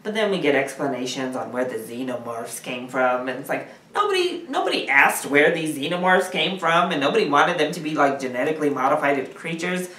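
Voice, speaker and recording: A man's voice: a little high, fairly quick, hardly any pauses, sharp tone. Man, guest film reviewer, emphatic, opinionated, recorded far from the mic in a roomy space. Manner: opinionated, emphatic, laughs often. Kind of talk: casual film discussion.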